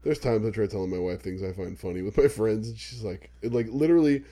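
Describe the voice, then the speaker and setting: A man's voice: lowish voice, quick pace. A man chatting casually on a podcast, telling stories with lots of laughter and freely swearing. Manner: animated storytelling, swears freely, laughs often. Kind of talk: casual chat.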